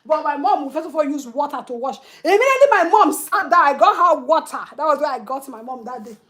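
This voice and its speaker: A woman's voice: high-pitched, lively intonation, fast talker, fairly bright tone. A middle-aged woman, hosting a livestream and telling a childhood family story with emotion and laughter. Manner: emotional, laughing between tender memories. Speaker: livestream host.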